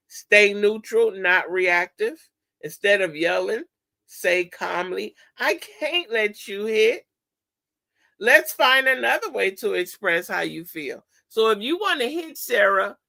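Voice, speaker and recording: A woman's voice: medium pitch, gravelly, sharp tone. A woman hosting a podcast segment, teaching listeners in an informal way, quizzing them with "what?" fill-in questions and often restarting her sentences. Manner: asks the audience rhetorical fill-in questions; restarts and corrects herself mid-sentence. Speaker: podcast host presenting a segment.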